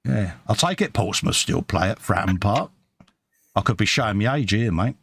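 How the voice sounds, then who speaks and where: Lively East End cockney bloke. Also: male voice, fairly low pitch, moderate pace, gravelly, breathy edge. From East End of London. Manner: chatty, lively storyteller. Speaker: live stream co-host. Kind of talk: casual chat reading viewer comments.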